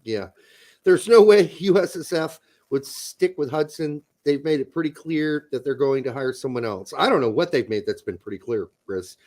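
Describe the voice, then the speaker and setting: A man co-hosting a casual soccer talk show, profane and animated, bursting into loud mock rants. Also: medium pitch, moderate pace. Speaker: podcast co-host. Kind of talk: casual chat.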